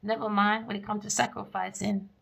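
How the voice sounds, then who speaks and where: A woman giving a tarot reading in a theatrical, sassy way, cursing freely and calling listeners pet names, jumping between loud outbursts and low mutters. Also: flat delivery, fairly quick, creaky, slightly rough. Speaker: tarot reader. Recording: dull lo-fi recording.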